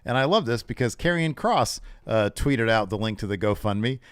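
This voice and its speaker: Relaxed male podcast co-host, dry mic. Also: lowish voice, normal speed, smooth, no echo. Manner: relaxed recapping with filler "uh"s, quotes wrestlers in a raised voice. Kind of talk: casual wrestling recap.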